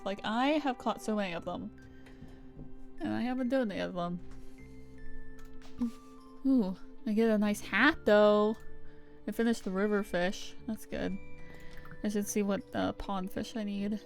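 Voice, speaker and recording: A woman's voice: mid-range voice, normal speed, pauses often, soft background music. A young adult woman streamer giving casual gameplay commentary, rambling and chatty with lots of "like" fillers. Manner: rambling, chatty, heavy use of "like".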